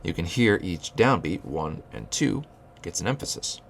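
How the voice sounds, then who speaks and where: A man's voice: sits low, expressive, normal speed, hardly any pauses, a bit bright, slight background noise. A man teaching rhythmic solfege, explaining note beams and chanting counting syllables, often restarting his phrases. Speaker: music teacher.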